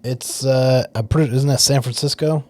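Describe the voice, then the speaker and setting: A man co-hosting a casual comedy chat, dropping deadpan wisecracks. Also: mid-range voice, moderate pace, no echo. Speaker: comedy podcast co-host.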